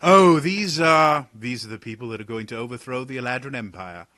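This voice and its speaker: A man's voice: mid-range voice, a little fast, pushed and bright, no room sound, voice pushed up, lightly acted. A man voicing a cheeky male mage who teases others and sighs theatrically. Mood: teasing. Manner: playful, mock-exasperated, theatrical sighs.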